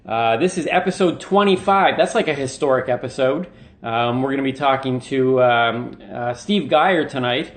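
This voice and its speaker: A man hosts a live comedy stream from his living room. He talks in a loose, rambling way, with lots of ums and dry jokes at his own expense, and his voice sits at an ordinary middle pitch. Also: moderate pace. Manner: rambling and self-mocking, many fillers. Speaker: podcast host. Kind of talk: casual live-stream monologue. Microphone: webcam in his living room.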